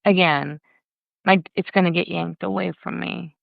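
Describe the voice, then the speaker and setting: A woman speaking as a guest in a casual live video chat, animated and freely swearing, acting out her inner voice in quotes. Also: lowish voice, normal speed, creaky, no echo, narrow, tinny audio. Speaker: guest, workshop leader. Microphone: video call.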